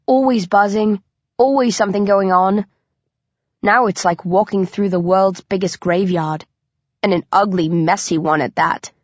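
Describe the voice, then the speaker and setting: A woman reading a first-person audiobook aloud with lively storytelling and a sly, dry humor. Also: medium pitch, unhurried, no echo. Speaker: audiobook narrator. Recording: dull lo-fi dry recording.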